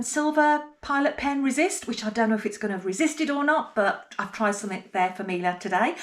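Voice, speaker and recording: A middle-aged woman potter chatting casually to camera in her pottery studio, talking herself through her work. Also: a little high. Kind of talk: casual vlog narration.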